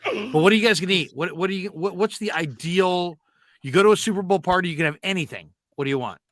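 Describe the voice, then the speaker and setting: A man's voice: sits high, fast, fairly bright tone, no room sound, studio quality. A middle-aged man hosting a casual sports talk show, telling stories animatedly with casual swearing and plenty of fillers. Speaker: show host.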